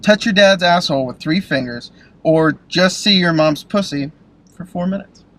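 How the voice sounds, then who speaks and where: A man's voice: high-pitched, moderate pace, a bit bright, low-quality recording. A man as a guest in a casual comedy chat, laughing often and hedging his answers, recorded inside a car. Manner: laughs a lot, hesitant and squirming.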